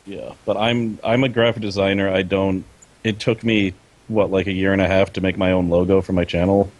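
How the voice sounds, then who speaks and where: A man's voice: low voice, flat delivery, fairly quick. A man co-hosting a gaming podcast in casual chat, laid-back and self-deprecating, laughing often. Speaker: podcast co-host.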